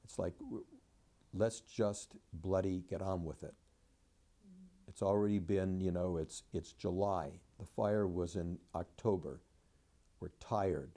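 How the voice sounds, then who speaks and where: A man's voice: low voice, steady tone, slow, warm tone. A man who lost his home in a fire, talking bluntly about his frustration with rebuilding delays. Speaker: fire survivor interviewee. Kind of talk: frank personal account.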